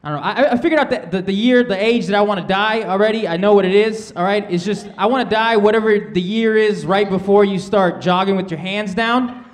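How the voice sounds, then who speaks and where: High-voiced man doing laid-back stand-up. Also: a little fast. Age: 30s. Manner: laid-back, conversational, peppers lines with "man" and "right?". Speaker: stand-up comedian. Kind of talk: stand-up comedy set. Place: comedy stage before a live audience.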